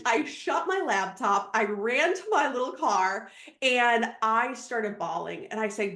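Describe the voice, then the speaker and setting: Podcast guest, woman in her thirties from Minnesota; lively storyteller with a higher voice, recorded with room echo. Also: measured pace. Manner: animated, laughing, breathless storyteller. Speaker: podcast guest, real estate agent. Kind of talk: casual storytelling interview. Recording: roomy echo.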